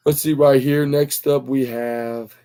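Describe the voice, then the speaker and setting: A man's voice: mid-range voice, fairly even intonation, measured pace, dark tone. A young man hosting a podcast, recapping a wrestling show in a rambling, casual way, full of fillers and restarts and acting out the lines he quotes. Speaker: podcast host.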